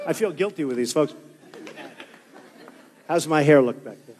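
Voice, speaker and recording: A man's voice: a little high, lively intonation, moderate pace. A man in his sixties giving a boastful, rambling campaign rally speech in a hot hall. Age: 60s. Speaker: political candidate. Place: hot indoor hall with a crowd. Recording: reverberant hall with crowd noise.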